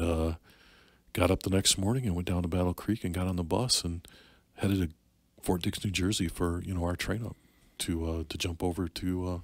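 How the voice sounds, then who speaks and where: A middle-aged man with a deep, husky voice tells a personal story in a halting, candid way. He stops often and restarts his sentences. The sound is dry and close. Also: no echo. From Michigan. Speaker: podcast guest, Navy and Army veteran. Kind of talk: casual storytelling.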